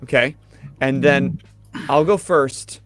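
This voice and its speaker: A man's voice: medium pitch, takes it slowly, a bit bright, no room sound, soft background music. A man co-hosting a casual live stream, teasing his guests and laughing often. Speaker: co-host. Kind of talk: casual livestream chat.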